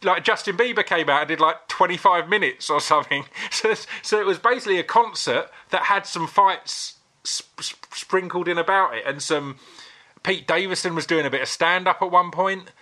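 Guy on a podcast, really bright voice, fairly high, laughs a lot and trips over his words. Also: normal speed. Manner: animated storyteller, stumbles over words, laughs often. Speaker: podcast panelist. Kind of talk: casual chat.

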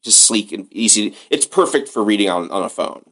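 A man's voice: on the low side, animated, brisk, a bit bright. Rambling man chatting on a podcast. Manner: rambling, full of "like" fillers. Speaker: podcast co-host. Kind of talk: casual chat.

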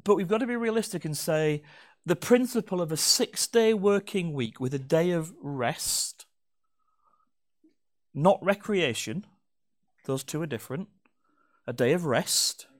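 A man's voice: a little high, animated, a little slow, pauses often. A man preaching a sermon to his congregation, playful and teasing. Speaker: pastor. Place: church hall.

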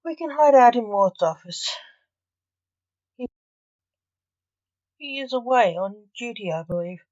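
A bossy, glum young sorcerer giving orders in a plain voice, as a woman reads him. Slow pace, dull and dry sound. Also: fairly high pitch, expressive, warm tone, no echo, voice pushed up.

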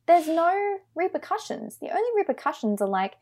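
A woman's voice: extremely high pitch, sing-song, normal speed, darkish tone. An Australian woman co-hosting a podcast, giving blunt, emphatic opinions in a casual film chat. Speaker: podcast co-host.

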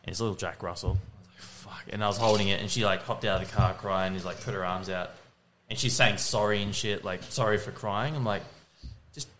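A man's voice: on the low side, fairly even intonation, brisk, a bit bright, a little hiss or hum. A young man, casually rambling through a story as podcast co-host, laughing often. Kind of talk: casual chat.

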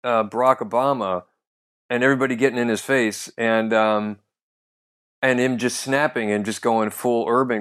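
A man co-hosting a casual podcast chat, telling stories in a rambling way with restarts, throat-clearing and lots of "you know". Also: mid-range voice, normal speed, a bit bright. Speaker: podcast co-host, comedian.

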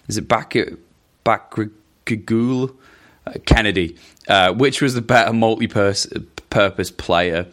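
A man hosting a podcast, casually answering listener questions in a rambling, self-interrupting way with chuckling asides. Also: sits low. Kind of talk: casual chat.

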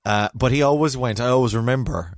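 This is a man, talking in an easy, mid-pitched voice on a casual podcast. He tells stories with plenty of energy, breaks into laughs and acts out lines in other voices. The recording is close and dry, with no room sound. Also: fast, no echo. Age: 30s. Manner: lively storyteller, laughs often, acts out his texts. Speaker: podcast co-host. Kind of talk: casual chat.

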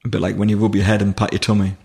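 A podcast guest from Durham, England, tells a personal story in conversation, halting and emotional with many restarts. His voice is gravelly and lowish, delivered flatly.

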